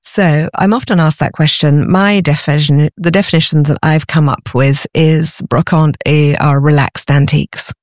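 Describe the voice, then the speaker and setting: A British woman, warm and low-voiced, is a guest on a casual podcast interview, talking about her antiques business. She keeps a steady tone at normal speed with hardly any pauses, often repeating words as she starts a thought, in a dry, studio-quality recording.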